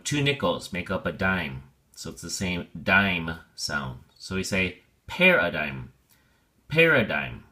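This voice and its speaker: A man's voice: fairly low pitch, bright, forceful tone. A man teaching a vocabulary lesson, patiently spelling out pronunciation and meaning with everyday examples. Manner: patient, explains slowly with examples.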